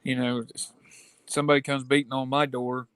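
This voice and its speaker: An American man calling into a livestream, talking in a plainspoken, rough and folksy way. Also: medium pitch, level tone, brisk, a bit bright, no echo. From United States. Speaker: guest caller. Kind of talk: casual livestream chat.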